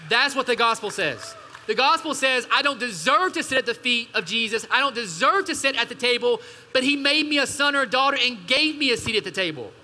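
A man preaches from the pulpit in a very high, sharp and bright voice. He pushes his points hard and throws questions to the congregation. The sound carries a long reverb from the church hall. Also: expressive, fairly quick. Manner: emphatic preaching with call-and-response asides. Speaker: pastor. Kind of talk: sermon.

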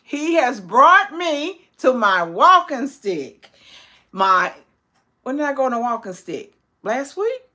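Woman, older, livestream host, bright high voice, slow unhurried delivery, reads comments aloud. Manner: reads out viewer comments, greets them warmly by name; excited high squeals and laughter when greeting friends. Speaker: cooking channel host. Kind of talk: casual livestream chat.

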